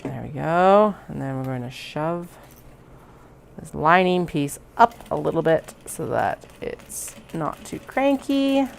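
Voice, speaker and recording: A woman's voice: sits low, animated, slow pace, gravelly, a little hiss or hum. A woman chatting to herself as she sews a bag, talking through each step in a casual, self-amused way. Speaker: crafter sewing on stream. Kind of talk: casual sewing narration. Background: sewing machine running.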